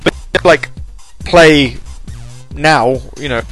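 A man's voice: mid-range voice, very slow, a bit bright, faint music behind. A man hosting a podcast alone, rambling and self-deprecating, with many fillers and restarts. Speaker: podcast host. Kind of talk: casual solo podcast chat.

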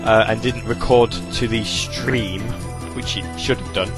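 Male stream host, rambling and apologetic, average pitch; faint music under the voice. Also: fairly even intonation, unhurried. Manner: rambling, self-interrupting, apologetic. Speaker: podcast host. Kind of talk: casual chat on an online radio stream.

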